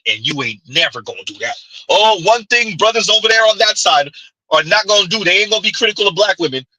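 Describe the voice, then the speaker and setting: A man with a high, husky voice delivers heated reaction commentary. He jumps all over his pitch as he fires off mocking rhetorical questions. The recording is dry and close. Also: pushed and bright, dry recording, poor audio.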